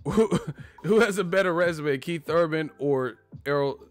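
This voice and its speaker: A man's voice: fairly high pitch, slow, soft background music. A man hosting a boxing live stream, chatting casually and profanely, full of fillers and asides. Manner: loose, profane, filler-heavy banter.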